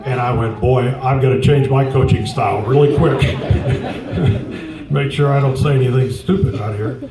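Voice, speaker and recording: A man in his sixties, a softball coach, giving a tribute speech in folksy storytelling style, acting out the dialogue. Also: mid-range voice, normal speed, crowd noise. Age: 60s. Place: large room at a memorial gathering. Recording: roomy, from far off.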